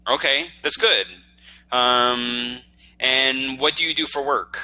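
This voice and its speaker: A man's voice: medium pitch, fairly even intonation, takes it slowly, bright, forceful tone, clean tone. A man from the United States tutoring English in an online lesson, patient and encouraging, often checking that he understood. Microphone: video call.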